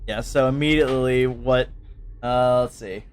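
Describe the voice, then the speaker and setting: A man's voice: medium pitch, steady tone, measured pace, a little hiss or hum. A man running a tabletop game as game master, narrating casually, laughing often and swearing freely.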